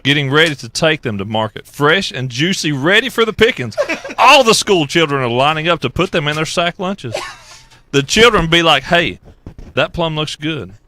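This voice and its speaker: A man reading a comedy script in a flat monotone, playing a deadpan man boasting about his plums. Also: on the high side, moderate pace.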